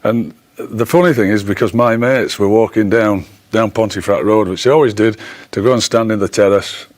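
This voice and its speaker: A man's voice: on the low side, normal speed. A man guest pundit from England telling a humorous, blunt football story in studio chat.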